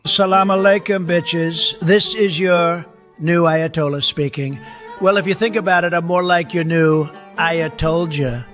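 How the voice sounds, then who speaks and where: A man's voice: a little high, fairly even intonation, measured pace, a bit bright, soft background music. A man playing a smug mock supreme leader of Iran in a comedy sketch clip, gloating and taunting.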